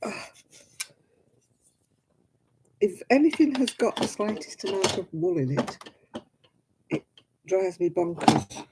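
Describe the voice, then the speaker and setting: A woman's voice: mid-range voice, lively intonation, unhurried, a little mellow, slight background noise, poor audio. An older woman, chatting and telling stories with a giggle while she crafts over a video call from home. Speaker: craft stream host. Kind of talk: casual chat while crafting.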